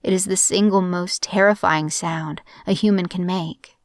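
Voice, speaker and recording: A young adult woman narrating a horror story in a measured, somber way as the show's regular narrator. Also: fairly low pitch, fairly even intonation, dry recording, clean studio sound.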